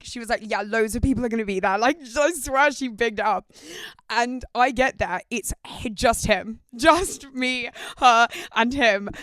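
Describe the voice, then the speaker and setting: A woman's voice: a little high, fairly bright tone, no echo. A young British woman hosting a podcast, telling candid stories in a casual, sweary way with lots of "like". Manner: candid, sweary, heavy use of "like". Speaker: podcast host. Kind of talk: casual storytelling chat.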